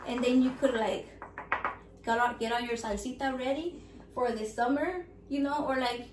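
A woman, vlogging casually, loud and profane and mixing with Spanish. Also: high-pitched, normal speed. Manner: loud, profane and playful, switching between English and Spanish. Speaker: vlogger running a raffle. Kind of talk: casual vlog chat. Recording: echoey room with faint background noise.

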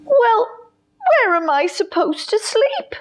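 A woman's voice: very high-pitched, very animated, slow, pitched above the performer's own voice, heavily acted. A woman voicing a playful, sleepless male lion who whines and pleads like a small child. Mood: whiny.

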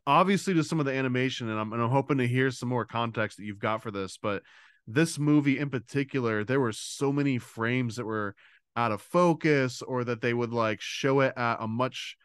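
A man's voice: medium pitch, fairly quick, clear, resonant tone, no echo, clean studio sound. A man co-hosting a podcast in casual chat, enthusiastic and talkative with many fillers. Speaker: podcast co-host.

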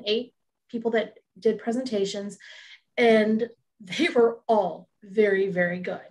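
A woman hosting a photography group over a video call, introducing her guest in a chatty, enthusiastic way with frequent restarts. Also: fairly high pitch. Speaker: host of a photography group talk.

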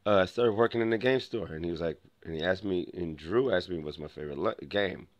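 A man's voice: sits low, a little fast, no room sound, muffled recording. A young man vlogging, telling a rambling personal story full of restarts and acted-out dialogue. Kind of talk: casual storytelling to camera.

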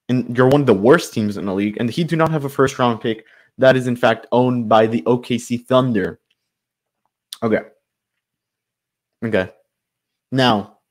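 A man hosting his own sports channel, giving a frustrated, loosely improvised commentary rant full of restarts. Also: mid-range voice.

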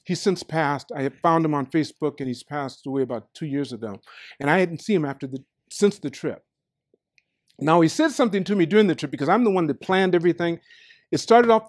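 An older man from the United States telling stories in a lively staff talk, moving between quiet asides and loud outbursts and laughing often. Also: fairly high pitch. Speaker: company staff talk speaker. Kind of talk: animated storytelling talk. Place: meeting room with staff.

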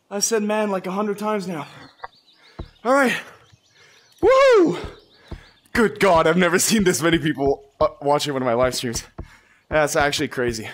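Man, very high voice, lively swings in pitch, gaming livestream, noisy headset recording. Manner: hyped, shouting and laughing while playing. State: out of breath. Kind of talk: excited livestream commentary.

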